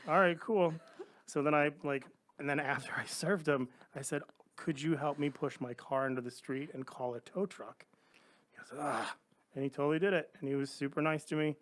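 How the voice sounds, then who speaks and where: A middle-aged man on a podcast, casually telling an animated story and acting out the other people's lines. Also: fairly high pitch, normal speed. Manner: animated anecdotes, acts out quoted voices. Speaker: podcast guest.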